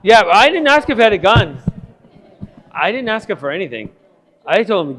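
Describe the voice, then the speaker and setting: A man, a priest, telling stories to his catechism class in a lively, laughing way, acting out what people said. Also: sits high, normal speed. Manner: animated, laughing, acting out dialogue. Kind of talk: casual classroom storytelling. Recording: long hall reverb.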